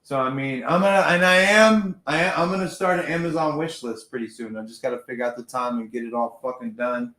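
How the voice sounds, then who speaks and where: A man's voice: medium pitch, a little fast, few pauses, pushed and bright. Joking, crude man in an echoey room. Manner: loose and crude, joking, trails off. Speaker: guest. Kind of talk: casual chat on a live stream.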